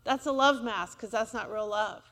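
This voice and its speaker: High-voiced woman preaching in a hall. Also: moderate pace, fairly bright tone. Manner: call-and-response preaching, asks for amens. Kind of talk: sermon. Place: church.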